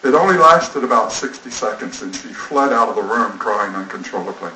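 A man's voice: on the low side, fairly quick, pushed and bright. Earnest man preaching in a roomy hall. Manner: rambling, earnest, acts out dialogue. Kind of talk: sermon storytelling. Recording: roomy, distant mic, faint noise.

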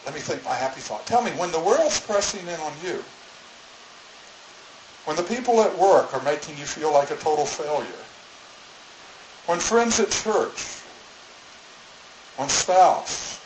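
A man preaching in a storytelling way, now and then doing the voices of the people in his story. His voice sits a little high for a man, and the room rings with echo over steady background noise. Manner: storytelling, acts out voices in quotes. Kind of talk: sermon.

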